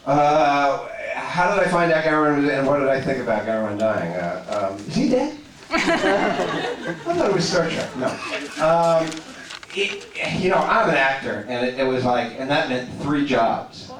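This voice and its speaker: A man, an actor, telling animated stories and answering audience questions on a panel, repeating words and laughing often. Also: mid-range voice, measured pace. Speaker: actor as convention panel guest. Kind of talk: anecdotes and audience Q&A. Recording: echoey hall from far off.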